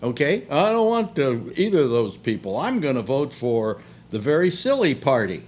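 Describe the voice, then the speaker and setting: A man's voice: mid-range voice, sing-song, moderate pace, a little mellow. A man hosting a heated political chat, pressing his point with repeated questions. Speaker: host.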